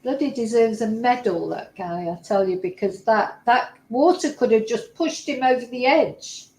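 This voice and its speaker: Woman, host, reaction commentary, emotional, fairly high voice, roomy echo. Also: normal speed, darkish tone. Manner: chatty and emotional, exclaiming.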